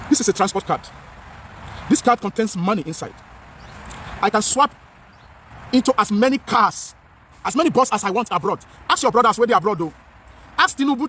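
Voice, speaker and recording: A man's voice: sits high, a bit bright, slight background noise. Impassioned Nigerian man vlogging outdoors. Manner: impassioned, repetitive, mixes Pidgin with English. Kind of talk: outdoor talking-head vlog.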